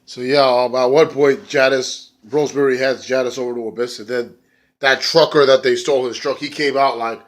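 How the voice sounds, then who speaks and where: A man casually reviewing a wrestling show, excitable and profane, rambling with fillers and jumping into high squeaky voices for quotes. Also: a little fast.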